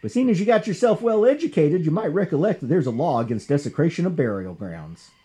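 A man's voice: fairly high pitch, very animated, quick pace, mellow, pitched above the performer's own voice. A man putting on a Southern accent to voice a stern, folksy small-town sheriff. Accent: Southern US, put on.

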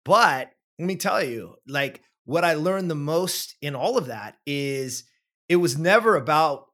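A man in his forties telling a personal story in casual chat, animated, repeating words and acting out what people said. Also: a little high, unhurried.

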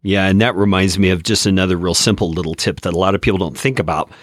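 A man with a lowish voice, talking easily in a casual podcast chat. He tells his stories in a relaxed, reflective way. The close, dry sound keeps him right at the ear. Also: fast talker, no echo. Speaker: podcast host.

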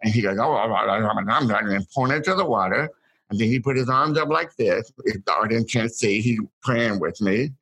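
A man telling stories from his childhood as an interview guest, in halting bursts with many restarts and repeated words. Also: on the low side, animated, a bit bright, husky, rough recording. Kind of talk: casual storytelling.

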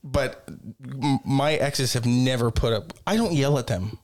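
A man's voice: medium pitch, unhurried, darkish tone. A man in casual podcast chat, telling rambling stories full of swearing. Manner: profane, rambling storyteller.

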